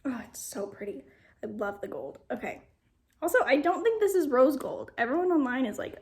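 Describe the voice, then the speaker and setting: A woman's voice: high-pitched, expressive, normal speed, darkish tone. A young woman reviewing makeup in a casual vlog at home, gushing and often dropping to a whisper. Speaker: beauty vlogger. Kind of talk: makeup first-impressions vlog. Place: home, at a mirror.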